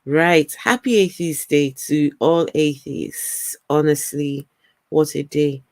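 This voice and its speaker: Her voice sits low, with a steady, darkish tone and an unhurried pace, recorded without echo. The woman, from Africa with an accent mixing African and British, runs a relaxed livestream where she reads comments, chats, repeats words, and laughs frequently.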